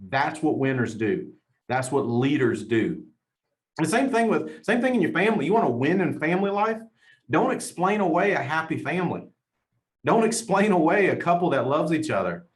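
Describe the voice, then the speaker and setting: A man in his forties hosting a team call, energetic and emphatic, repeating lines for punch. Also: a little high, normal speed. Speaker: host leading a team call.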